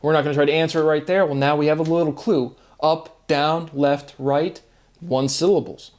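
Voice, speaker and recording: A man's voice: a little high, normal speed, darkish tone. A man speaking a rambling solo monologue, free-associating wordplay, asking himself rhetorical questions and tagging lines with "right?". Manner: often tags lines with "right?" and chuckles at himself. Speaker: solo video monologue host.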